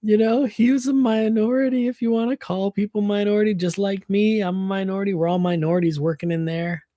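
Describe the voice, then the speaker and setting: A woman's voice: mid-range voice, flat delivery, brisk, dark tone, no echo, studio quality. A woman chatting casually on a livestream, venting and swearing freely into her computer microphone.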